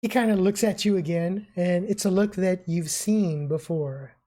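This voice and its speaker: A woman's voice: on the low side, moderate pace, warm tone. A woman narrating as game master in a casual, hedging way.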